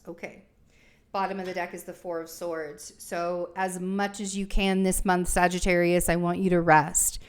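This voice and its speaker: A woman's voice: lowish voice, flat delivery, moderate pace. A young adult woman giving a casual tarot reading, talking in a rambling, reassuring way with lots of fillers and restarts. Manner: rambling, reassuring, thinks aloud with many fillers. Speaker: tarot reader.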